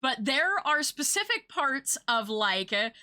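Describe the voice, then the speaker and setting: A woman's voice: sits high, big pitch swings, unhurried, bright, forceful tone. A young woman with a Southern US accent touched by British vowels, chatting casually as a streamer, rambling with many fillers. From United States. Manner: chatty, rambling, full of filler words and laughs. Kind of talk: casual chat while drawing.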